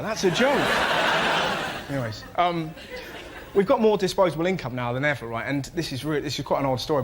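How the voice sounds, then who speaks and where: Young male comic, fairly high voice, excitable storytelling, loud noisy studio track. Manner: excitable, breaks into shrill shouted impressions. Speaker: stand-up comedian on a panel show. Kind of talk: stand-up comedy routine. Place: television studio with a live audience. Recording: noisy studio broadcast recording. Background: audience laughter.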